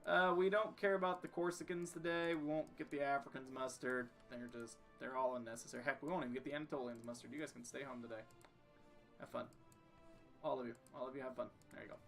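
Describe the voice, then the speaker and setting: A man's voice: mid-range voice, steady tone, fast, fairly bright tone, soft background music. A young man casually commenting on his strategy game as he plays, joking and talking to himself and the game. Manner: jokey, talks to himself and the game. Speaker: streamer playing a strategy game.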